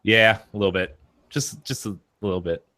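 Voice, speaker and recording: A man with a fairly low voice co-hosts a live stream, gushing and rambling over game news. His talk is loose and eager, full of "like" and restarts, as he chats with friends while watching. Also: moderate pace, a little hiss or hum. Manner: excitable, gushing, rambling with many "like"s. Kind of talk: casual gaming chat.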